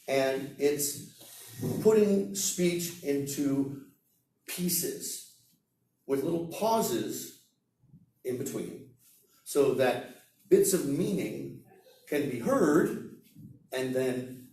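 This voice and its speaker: A man teaching English at a seminar, lecturing slowly and demonstrating example sentences aloud. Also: mid-range voice, a little mellow. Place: seminar room. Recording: roomy echo, heard from far off.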